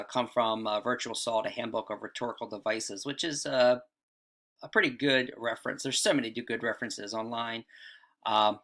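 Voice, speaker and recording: A man's voice: medium pitch, fairly bright tone. A man teaching writing in a casual video lesson, often checking in with "all right" and "right?".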